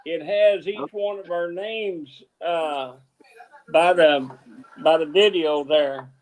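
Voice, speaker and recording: Jovial man, high and unhurried voice, easy laugh, video call chat. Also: fairly even intonation, rough recording. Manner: cheerful, laughs often. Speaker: guest woodworking YouTuber. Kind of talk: casual group video chat.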